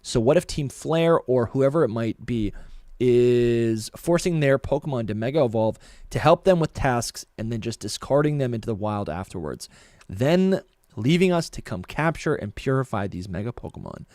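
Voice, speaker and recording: A man's voice: medium pitch, animated, moderate pace, a little mellow, no echo, clean studio sound. A man co-hosting a live podcast, reading out chat messages and rambling in a loose, self-correcting way.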